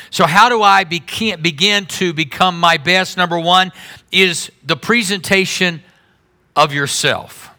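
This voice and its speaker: A middle-aged male pastor preaching a sermon in a conversational way, dropping low and quiet, then rising sharply. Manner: conversational preaching with sudden drops and rises in volume.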